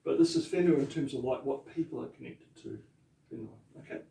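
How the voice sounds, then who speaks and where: A man, a pastor teaching te reo Māori in a chatty lesson, with laughing asides and slow repeated words to drill pronunciation. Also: mid-range voice, creaky, warm tone, far from the mic. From New Zealand. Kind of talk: informal language lesson. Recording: echoey room, voice off mic.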